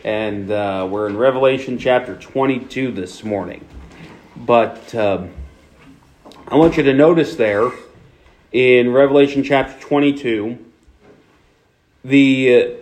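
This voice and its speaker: A man's voice: mid-range voice, unhurried, pauses often, a little mellow. A man with a Philadelphia accent preaching a sermon to his congregation, conversational, with many fillers and restarts. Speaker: pastor.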